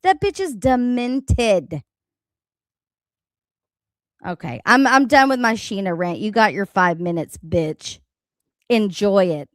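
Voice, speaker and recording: A woman hosts a live stream from home, talking slowly and bluntly with plenty of profanity and laughter. Her voice is close to the mic and dry, with no room sound. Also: mid-range voice, lively intonation, dry recording. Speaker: livestream host. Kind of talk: casual live-stream rant.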